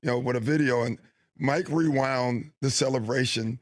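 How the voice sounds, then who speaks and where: A man's voice: mid-range voice, moderate pace. A man, a former basketball player, chatting as a podcast guest and telling stories with laughs and restarts. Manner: laughing storyteller, trailing restarts. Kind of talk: casual podcast chat.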